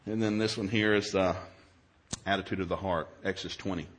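A middle-aged man preaching a humorous sermon, telling stories with jokey, animated delivery and sudden loud exclamations. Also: low-pitched, a little fast, slight background noise.

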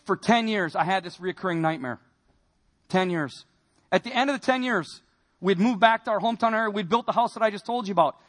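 A man from Wisconsin with a noticeably high voice gives an emotional testimony sermon about his own life, speaking a little fast. He tells it earnestly, sinking into hushed, heavy moments before pushing hard for emphasis.

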